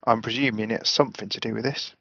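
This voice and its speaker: Earnest player on a dull mic. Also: male voice, medium pitch, steady tone, quick pace, gravelly, sharp tone, dry recording. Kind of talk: playing a character in a tabletop game.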